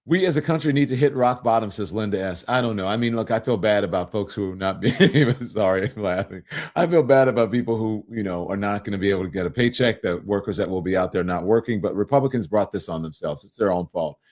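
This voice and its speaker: A man's voice: fairly low pitch, fast talker, a little mellow. A man hosting a live political talk show, talking casually and animatedly, laughing often and reading viewer comments aloud. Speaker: host.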